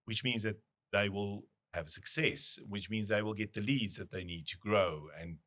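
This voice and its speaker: Relaxed, low-voiced male podcast host. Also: moderate pace. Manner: relaxed, restarts often, thinks aloud. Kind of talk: casual business chat.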